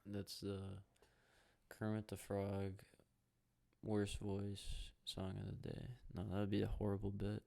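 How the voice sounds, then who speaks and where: Young guy podcasting solo, gravelly, swears a lot, rambles while watching hockey. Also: on the low side, monotone, slow. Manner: profane, rambling, jokey, reacts out loud to the game. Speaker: podcast host.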